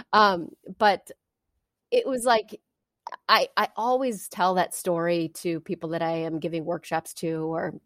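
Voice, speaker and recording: A woman's voice: lowish voice, no echo, clean studio sound. A middle-aged woman guest in an interview, telling an earnest story with many fillers and restarts. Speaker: interview guest, sport psychology coach.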